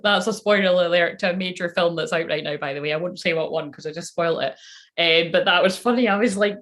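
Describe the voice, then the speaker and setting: A woman's voice: fairly low pitch, quick pace, fairly bright tone. A woman who works as a spiritual channeler, rambling casually on a live stream, swearing freely and talking straight to her viewers.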